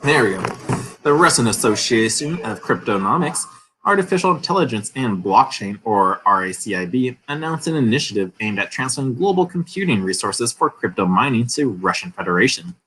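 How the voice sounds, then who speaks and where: A man's voice: mid-range voice, sing-song, fairly quick, bright, forceful tone, a little hiss or hum, poor audio. A man hosting a crypto news channel, reading articles aloud and breaking off for chatty asides and laughs. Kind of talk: casual news reading and commentary.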